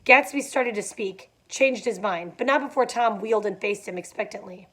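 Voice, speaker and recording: A woman's voice: medium pitch, moderate pace, a bit bright, husky. A young adult woman reading a novel aloud, dropping in casual asides with fillers. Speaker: reader.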